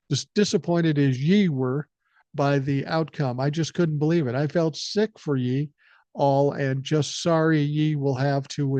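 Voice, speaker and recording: A man's voice: mid-range voice, mellow, dry recording, lo-fi sound. A man in his sixties hosting a podcast, reading listener emails aloud and adding blunt, joking, profane comments in a casual way. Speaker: podcast host.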